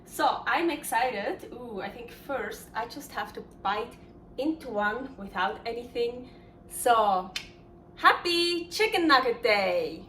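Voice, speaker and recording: A woman's voice: fairly high pitch, expressive, takes it slowly, fairly bright tone, slight background noise. A woman hosting a casual cooking vlog, chatty and enthusiastic as she thinks aloud. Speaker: cooking channel host.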